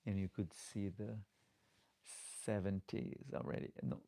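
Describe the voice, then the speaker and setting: A middle-aged drag performer hosts a loose live Q&A, going through viewer comments in slightly broken English and frequently starting over. His low voice is gravelly and dark with fairly even intonation and an unhurried pace, recorded on a desk mic with no room sound.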